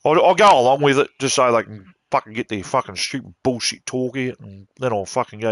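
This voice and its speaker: A man's voice: mid-range voice, brisk, few pauses, a bit bright, no echo. An Australian man streaming a game, ranting bluntly and swearing as he talks. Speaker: gaming streamer. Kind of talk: casual ranting while playing.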